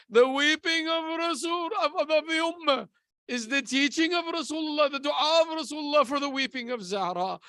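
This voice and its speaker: A man preaching a mourning sermon, telling the story slowly and solemnly, slowing down on key words. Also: very high voice, a bit bright, no echo. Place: community center hall.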